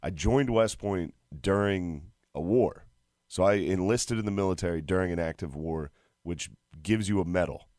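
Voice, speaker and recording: A man in his thirties chatting as a comedian guest, with a very low, deep voice. He is laid-back and chuckly, piling up easy "yeahs" between stories. The recording is dry and close. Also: moderate pace, darkish tone, dry recording. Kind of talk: casual podcast chat.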